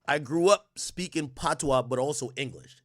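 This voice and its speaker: A man from Jamaica with an American accent, hosting a livestream and chatting quickly and directly to his viewers. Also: mid-range voice, fairly bright tone. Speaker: livestream host. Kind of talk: casual stream commentary.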